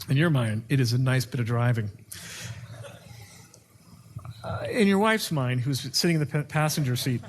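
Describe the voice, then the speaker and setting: A man giving a teaching talk on communication skills, an animated storyteller who acts out dialogue. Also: a little high, quick pace, hardly any pauses, slight background noise. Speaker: speaker teaching communication skills to youth workers.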